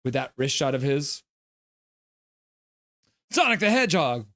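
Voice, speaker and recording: A man's voice: medium pitch, sing-song, a little slow, fairly bright tone, no room sound, clean studio sound. A man hosting a live hockey reaction stream, reading viewers' chat messages aloud, joking and slipping into play-by-play calls. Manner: chatty, jokes and breaks into play-by-play.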